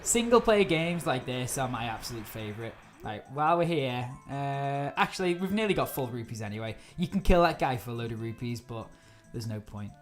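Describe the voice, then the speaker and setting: Very low-voiced woman streaming a game. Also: lively intonation, brisk, few pauses, faint music behind. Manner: chatty, easily startled, laughs often. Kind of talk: live-stream gameplay commentary.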